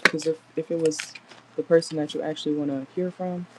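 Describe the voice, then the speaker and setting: A woman's voice: low-pitched, fairly even intonation, a little fast, dark tone, a little hiss or hum, low-quality recording. A woman doing a casual tarot reading in a car, chatty and blunt, swearing freely as she talks to viewers. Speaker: tarot reader.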